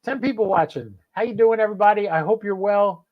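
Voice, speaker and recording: A man's voice: high-pitched, a little fast, muffled recording. Chatty New man ranting. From New Jersey. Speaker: host. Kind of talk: live podcast chat.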